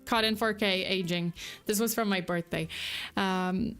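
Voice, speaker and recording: A woman's voice: medium pitch, fairly even intonation, measured pace, a bit bright, clean tone, faint music behind. A woman streaming as a VTuber, chatting casually with her viewers in a rambling way with many restarts. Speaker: VTuber true crime streamer. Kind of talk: casual livestream chat.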